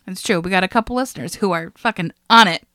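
Bright-voiced excitable woman podcaster. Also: fairly low pitch, fast, no room sound, clean studio sound. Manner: gushing, excitable, swears casually. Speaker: podcast co-host. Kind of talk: casual podcast chat.

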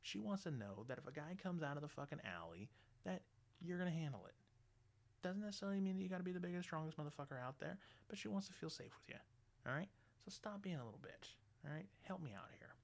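Crude, gravelly middle-aged radio ranter. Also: male voice, on the high side, fast. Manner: blunt, crude, swears constantly, gets loud and animated. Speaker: radio host. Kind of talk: profane ranting monologue.

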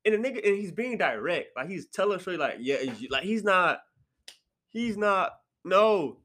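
A man hosting a casual solo podcast from his apartment, swinging between sudden high exclamations and low mutters. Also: moderate pace. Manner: animated, jumps into sharp high outbursts then drops to low mutters. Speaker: podcast host. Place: apartment room.

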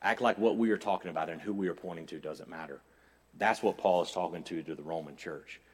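A man preaching a sermon as pastor, moving between quiet storytelling and loud, raised passages. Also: low voice, fast talker, slightly rough. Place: church sanctuary. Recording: long hall reverb.

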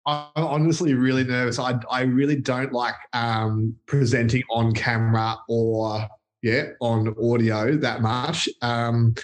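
Relaxed Australian man with a mid-pitched voice. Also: a little slow. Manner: relaxed, thoughtful, many "um"s. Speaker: company CEO, guest. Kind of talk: casual interview chat.

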